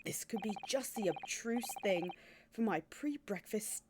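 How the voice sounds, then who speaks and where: Pompous male sleuth voiced by a woman, bad British accent, theatrical and lively. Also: mid-range voice, a little slow, background noise, natural voice. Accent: put-on British, admittedly bad. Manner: grandiloquent, theatrical pronouncements. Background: game music.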